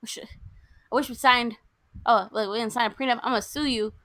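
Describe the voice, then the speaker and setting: A woman's voice: on the high side, steady tone, brisk, a bit bright. A young woman co-hosting a podcast, casually retelling a film's plot and acting out the characters' lines. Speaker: podcast co-host. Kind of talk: casual chat recapping a film.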